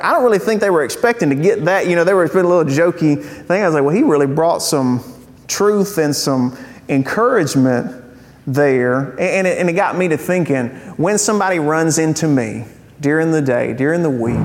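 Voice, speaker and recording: A man preaching a sermon as pastor, conversational and earnest, with frequent fillers. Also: a little high. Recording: church hall with long reverb.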